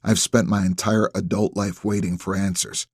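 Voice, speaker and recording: Husky, low-voiced male audiobook narrator. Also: flat delivery, normal speed, darkish tone, dry recording, studio quality. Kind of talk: first-person audiobook narration.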